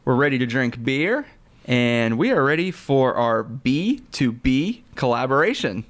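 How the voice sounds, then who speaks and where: A man's voice: mid-range voice, sing-song, measured pace. Playful male co-host chatting casually over beers. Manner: playful, jokey, sings snippets of lyrics. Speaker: podcast co-host. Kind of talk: casual beer-tasting chat.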